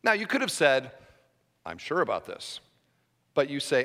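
A man's voice: mid-range voice, sing-song, fairly quick, a bit bright. A man preaching a sermon as pastor, teaching conversationally and checking in with the congregation with frequent "okay?". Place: church sanctuary. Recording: long church hall reverb.

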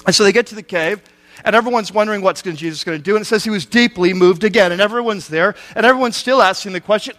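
A man's voice: sits high, very fast, a bit bright. A man preaching a sermon, retelling a scripture story in everyday speech with rhetorical questions to the listeners.

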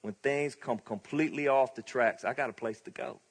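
A man's voice: mid-range voice, normal speed. A male pastor preaching a sermon in a conversational, storytelling way, with frequent laughs. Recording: long reverb of a large hall.

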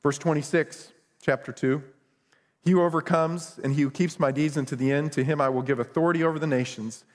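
A man's voice: on the high side, fairly even intonation, a little fast, big-room sound. A middle-aged male pastor preaching a conversational sermon with self-deprecating humor.

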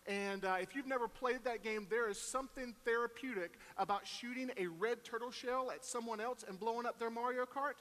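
A man's voice: high voice, pushed and bright. A man in his thirties preaching in a large hall, telling folksy, self-deprecating family stories with many fillers. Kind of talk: storytelling sermon. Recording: echoey hall.

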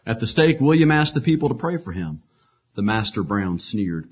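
Husky man dramatically retelling martyr stories. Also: on the low side, expressive, normal speed, muffled recording. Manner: reads quotes with rising force, adds casual asides. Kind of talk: dramatic storytelling reading with asides.

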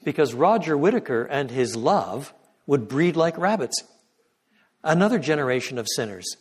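This guest lecturer is a man with a fairly high, slightly husky voice, speaking at a normal speed and in a very animated way. His church lecture feels like a sermon: he pounds out key points loudly, then sinks into hushed, reverent prayer, all under the hall's long reverb.

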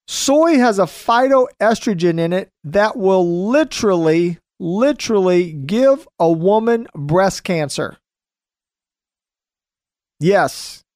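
A man's voice: high-pitched, no echo, clean studio sound. A man hosting a radio show, delivering an emphatic, repetitive ranting monologue.

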